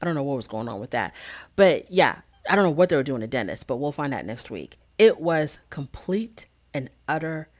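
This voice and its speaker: A woman's voice: low voice, moderate pace. Woman doing a chatty reality tv recap, voice jumps up and down a lot, acts out the quotes. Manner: animated storytelling, acts out quotes. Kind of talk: casual recap monologue.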